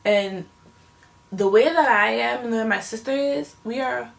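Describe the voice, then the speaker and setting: A woman's voice: fairly high pitch, normal speed, gravelly. A young woman telling a personal story on her own channel in a casual, emotional, rambling way, with many fillers. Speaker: vlogger.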